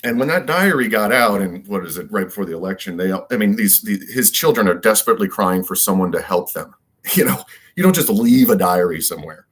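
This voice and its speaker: Man, low-pitched, rambling monologue, emphatic, repeats himself, asks rhetorical questions. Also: expressive, fairly quick, husky. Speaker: political commentator.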